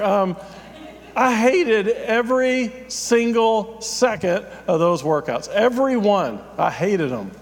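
A man's voice: high voice, animated, slow pace, big-room sound. A man, a pastor, giving a conversational, self-deprecating sermon with frequent fillers.

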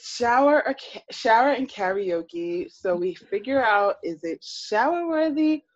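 A woman co-hosting a casual podcast, telling stories in an animated, chatty way. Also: a little high, measured pace, dry recording, lo-fi sound. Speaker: podcast co-host.

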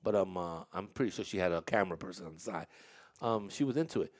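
A man's voice: deep voice, fast talker. A man hosting a casual interview with young dancers, talking in a chatty, storytelling way with frequent laughs and restarts.

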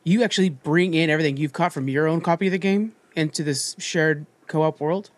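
Fast-talking man with a Hawaiian accent. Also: fairly high pitch, no echo. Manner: quick, enthusiastic interjections. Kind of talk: casual chat.

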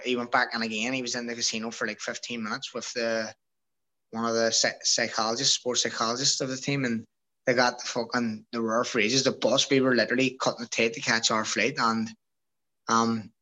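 A man's voice: medium pitch, level tone, normal speed, sharp tone, low-quality recording. A young Irish man, a guest, telling a rowdy anecdote in casual talk, swearing often and acting out what others said. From Ireland. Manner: swears freely, acts out quotes of others. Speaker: guest, former amateur boxer. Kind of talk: casual storytelling.

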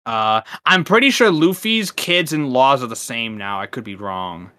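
A man's voice: medium pitch, animated, moderate pace, sharp tone. A man co-hosting a casual podcast, rambling with many fillers and restarts and laughing easily. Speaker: podcast co-host.

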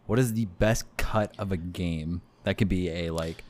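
Brief: lower-pitched man, teasing, improv banter. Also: measured pace, darkish tone.

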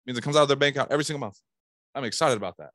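A man's voice: medium pitch, rapid-fire, fairly bright tone, dry recording, clean studio sound. A man giving casual sales coaching, talking animatedly and acting out phone calls in bursts. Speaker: sales trainer.

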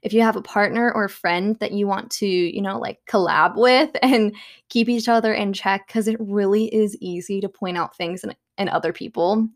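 A young woman at home talking casually about self-help, chatty and full of fillers, with soft laughs. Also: medium pitch, normal speed. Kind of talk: casual monologue.

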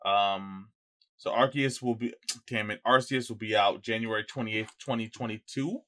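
Bright-voiced young man, loose podcast banter. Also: lowish voice, steady tone, moderate pace. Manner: loose, profane, joking. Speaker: podcast co-host. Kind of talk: casual podcast chat.

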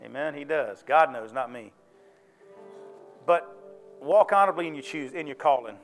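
High-voiced pastor preaching. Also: male voice, expressive, moderate pace, faint music behind. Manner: folksy, conversational preaching with call-and-response questions. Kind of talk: sermon. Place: church.

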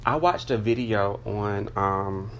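A man's voice: lowish voice, slow pace, slight background noise. A man co-hosting a podcast, teasing his co-host and telling stories in casual chat. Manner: teasing, storytelling.

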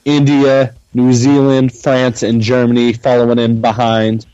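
A man hosting a wrestling podcast in casual chat, giving upbeat shout-outs and show updates. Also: medium pitch, flat delivery, a little slow, clear, resonant tone, no echo. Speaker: podcast host. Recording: dry, slightly dull sound.

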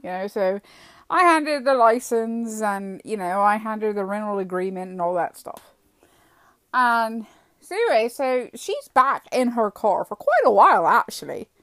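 A woman's voice: a little high, unhurried, no echo. Chatty British woman telling a story. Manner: chatty, animated storyteller who acts out quoted dialogue. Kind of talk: casual storytelling vlog.

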